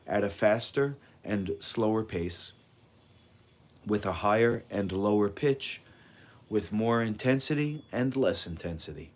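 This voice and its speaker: A man reading a parenting audiobook in a calm, measured, instructive way. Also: fairly low pitch. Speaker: audiobook narrator. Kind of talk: scripted audiobook narration.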